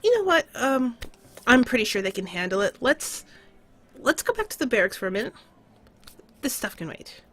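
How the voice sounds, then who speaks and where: A woman voicing an eager, chatty male town guard in a tabletop game, talking quick and a little higher. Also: big pitch swings, a bit bright. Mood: breezy.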